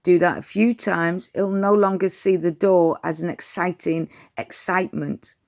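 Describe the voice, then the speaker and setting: A woman's voice: fairly low pitch, fairly even intonation, a little slow, a little mellow. A woman, giving dog training advice in a chatty, direct vlog style. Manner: chatty, direct, addresses viewers as "you lot".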